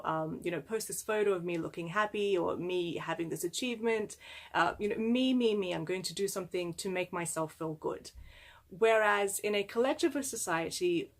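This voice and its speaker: A young adult woman presenting a book summary in a casual explanatory way, talking conversationally with frequent fillers. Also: medium pitch.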